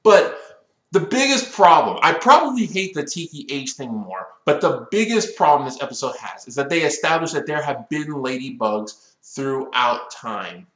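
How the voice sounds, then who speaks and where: A young man in his twenties rants through a cartoon episode review, his voice bright and a little high for a man. His exasperated delivery swings widely in pitch, and the sound carries the echo of a bare room. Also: normal speed. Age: 20s. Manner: exasperated, animated complaining with rising outbursts. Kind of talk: casual ranting episode review.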